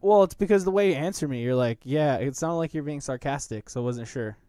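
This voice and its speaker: A man's voice: a little high, expressive, fast talker, mellow, no room sound, clean studio sound. A man co-hosting and producing a casual podcast, joking and teasing through a drinking game. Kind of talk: casual chat.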